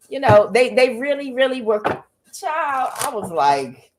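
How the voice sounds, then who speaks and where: A woman's voice: mid-range voice, sing-song, normal speed, a little hiss or hum. A middle-aged woman doing a casual tarot reading, ranting and rambling with many fillers and restarts. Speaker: tarot card reader.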